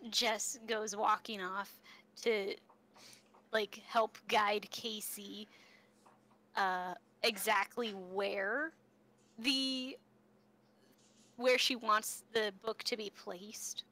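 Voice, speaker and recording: A woman narrating as game master of an online tabletop game, describing the scene in a slightly halting way. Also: mid-range voice, steady tone, sharp tone, poor audio.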